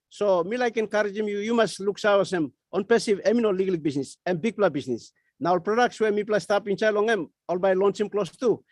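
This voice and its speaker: Papua New Guinean man, high voice, dry close sound, earnest webinar pitch. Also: brisk, hardly any pauses, no room sound. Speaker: webinar speaker. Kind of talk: motivational pitch in Tok Pisin. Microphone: video call.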